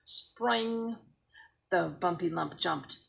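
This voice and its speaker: A woman's voice: lowish voice, a little slow, creaky, a bit bright, low-quality recording. A woman expressively reading a children's book aloud as a storyteller. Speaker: storybook reader.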